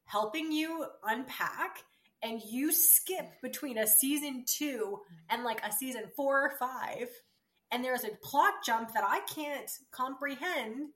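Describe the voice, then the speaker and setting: Young woman co-host, bright and forceful, teasing and animated in casual chat. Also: sits high, slow pace. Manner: animated, teasing, mock-outraged. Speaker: podcast co-host. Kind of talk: casual chat between friends.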